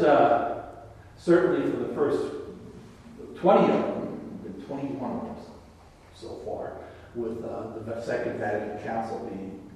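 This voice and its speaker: A man's voice: mid-range voice, darkish tone, slight background noise. A man giving an informal religious class, rambling and conversational with many restarts. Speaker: catechism teacher. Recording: echoey hall, voice from far off.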